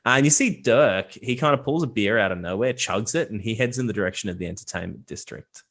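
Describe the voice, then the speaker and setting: This is a young man running a tabletop game. His voice sits a little low. He narrates in a loose, rambling way with many fillers. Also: fast talker, fairly bright tone. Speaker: game master.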